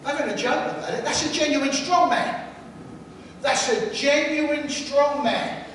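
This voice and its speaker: An older man preaches in a high, light voice, chatting and joking with his listeners between stories. His voice rings through a reverberant church hall from a distant mic, with steady background noise. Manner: chatty, jokes with the congregation. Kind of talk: sermon with anecdotes. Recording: echoey hall from far off, noisy.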